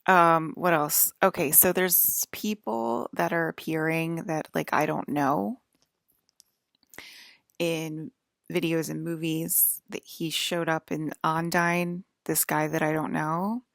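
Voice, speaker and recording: A woman's voice: low-pitched, fairly even intonation, takes it slowly, vocal fry, fairly bright tone, no echo, clean studio sound. A young woman talking in a rambling, casual monologue full of fillers and apologies. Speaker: vlogger.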